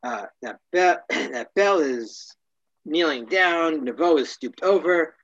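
A man teaching a casual class, wry and joking, often clearing his throat. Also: fairly high pitch, expressive, slow, fairly bright tone, muffled recording.

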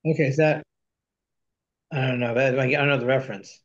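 A man's voice: mid-range voice, steady tone, fairly quick, highs cut off. A man teaching a class, reading Hebrew and Aramaic quotes aloud and translating each line as he goes. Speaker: Torah teacher. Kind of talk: text study lesson.

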